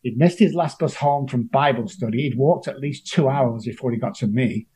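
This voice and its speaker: Husky man telling his story. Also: medium pitch, moderate pace, dark tone. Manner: earnest, emotional, acts out quoted voices. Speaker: interview guest. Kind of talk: personal storytelling.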